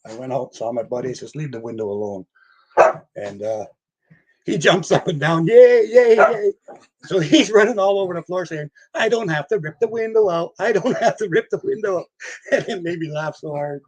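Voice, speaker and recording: An older man with a husky, slightly breathy voice tells stories in a loose, rambling way. He laughs easily and acts out the voices of people in his story. His pitch sits in an ordinary middle range. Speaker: guest paranormal investigator. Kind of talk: casual storytelling interview.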